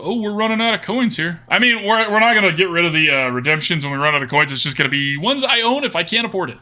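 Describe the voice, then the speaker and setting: A man talks through a live card game with a bright, sharp voice that swings widely up and down. He hams up a drawling cowboy-style accent for his viewers, joking and calling them "y'all" as he plays. His voice sits a little higher than most men's. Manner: joking, chatty, talks to chat with "y'all" and "friendo". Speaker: streamer. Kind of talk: live-stream commentary while playing a card game.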